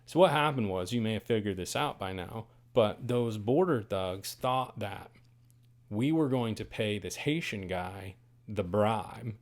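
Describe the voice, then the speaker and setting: Guy with a lowish voice telling a wild travel story on his podcast, animated, gets loud and dramatic. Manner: animated, dramatic, swings to loud bursts on quoted lines. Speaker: podcast host. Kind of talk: casual first-person storytelling.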